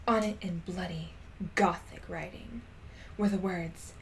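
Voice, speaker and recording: A woman reading a story aloud in a casual stream, slow and often dropping into a soft whisper. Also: lowish voice.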